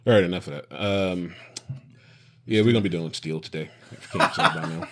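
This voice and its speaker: Very deep-voiced man explaining. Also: fairly quick. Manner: explains things patiently, steers the talk. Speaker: podcast host. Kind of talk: casual chat.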